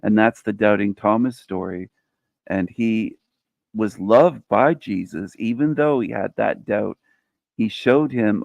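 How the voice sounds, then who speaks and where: A man's voice: lowish voice, slow, vocal fry, darkish tone, no room sound, muffled recording. A man joining a faith conversation as a guest, speaking in a heartfelt, affirming way and retelling a story.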